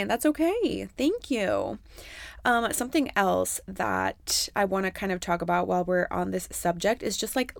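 Candid, chatty young woman podcaster with vocal fry. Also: mid-range voice, dry recording. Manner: chatty, candid, swears freely, many fillers. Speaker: podcast host. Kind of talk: casual solo podcast talk.

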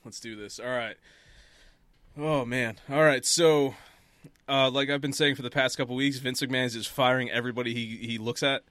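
A man hosting a casual chat show, telling stories in an animated way and laughing often. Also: medium pitch, normal speed, no echo.

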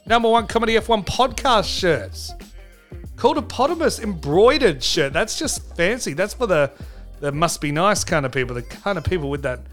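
Man, comedy podcast host, brash, sarcastic, high voice. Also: big pitch swings, normal speed, a bit bright, soft background music. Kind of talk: comedic podcast banter and merch plug.

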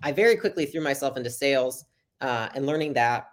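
Fast-talking young woman telling her story. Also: very deep voice. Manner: fast, chatty, acts out quoted dialogue. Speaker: podcast guest. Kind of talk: casual storytelling interview.

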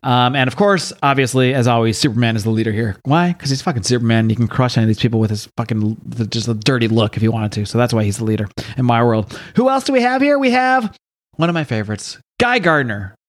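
A man's voice: medium pitch, fast talker, hardly any pauses. A man co-hosting a comics podcast, recapping a story in a rambling, laughing, swearing way. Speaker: podcast co-host.

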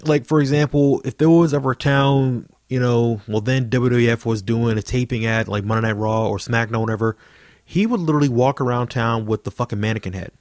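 Brief: rapid-fire male host, swears freely, dry close sound. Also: medium pitch, a little mellow, no echo. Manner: fast, profane storytelling, lots of fillers. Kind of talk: casual chat.

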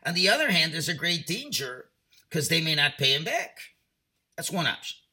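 A rabbi giving an emphatic, story-driven weekly Torah portion talk, mixing in Hebrew and Yiddish terms and swinging between quiet and loud passages. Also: male voice, on the high side, big pitch swings, moderate pace.

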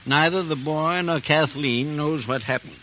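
An actor playing a wry older neighbor in a 1940s radio drama, teasing and gently probing. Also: male voice, a little high, unhurried, slight background noise, poor audio.

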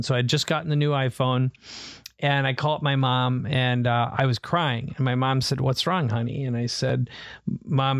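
A man's voice: medium pitch, dry recording. Man telling a story, dry close sound. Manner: animated storyteller, acts out quoted family voices. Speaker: podcast co-host. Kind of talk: casual storytelling.

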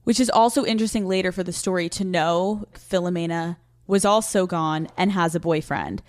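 A woman's voice: on the low side, moderate pace, dry recording. A woman hosting a podcast interview, asking casual, blunt follow-up questions. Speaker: podcast host.

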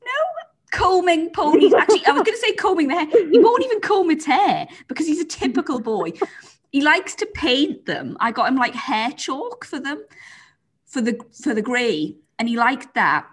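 A woman's voice: sits high, sing-song, moderate pace. A woman hosting a casual chat, chatty and laughing often, with lots of "like" and some swearing. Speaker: podcast host.

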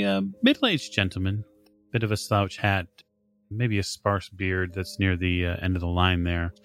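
Low-voiced man running a tabletop game. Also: a bit bright. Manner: descriptive, unhurried, filler-heavy. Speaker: game master.

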